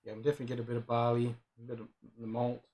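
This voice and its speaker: An Australian man co-hosting a casual whisky tasting, agreeable and quick to chime in. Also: medium pitch, monotone, darkish tone. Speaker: whisky show co-host.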